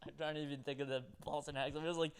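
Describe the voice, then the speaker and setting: Giggly young man, slightly high voice. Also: flat delivery, a crowd in the background. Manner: giggly, laughs often, halting restarts. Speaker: podcast co-host. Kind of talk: casual chat.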